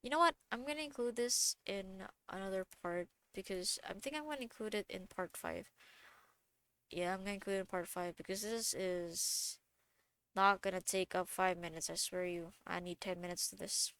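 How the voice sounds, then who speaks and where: A woman's voice: mid-range voice, moderate pace, fairly bright tone, smooth, dry recording. Chatty woman giving a dry, close lesson. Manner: chatty, digressive and self-correcting; self-deprecating asides. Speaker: student presenter explaining physiotherapy techniques. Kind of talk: casual recorded lesson.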